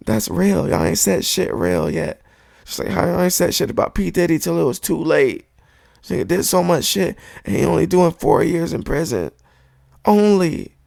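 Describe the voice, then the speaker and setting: A man's voice: high voice, creaky, darkish tone, dry recording, studio quality. A man hosting a podcast, delivering a heated, profane monologue rant and hammering the same point over and over into a microphone. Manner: heated, profane, repetitive insistence. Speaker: podcast host. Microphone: studio microphone.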